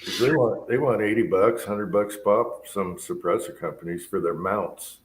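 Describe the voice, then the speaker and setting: A man's voice: fairly low pitch, moderate pace. A man hosting a live chat, talking casually and rambling with lots of yeahs. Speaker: livestream host. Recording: echoey room with faint background noise.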